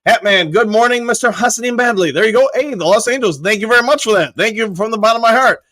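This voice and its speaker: A man's voice: sits high, sharp tone. A man hosting a casual live sports stream, reading viewer comments aloud and chatting back with lots of "uh"s. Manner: loose, with frequent "uh" and quick self-corrections. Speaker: livestream host.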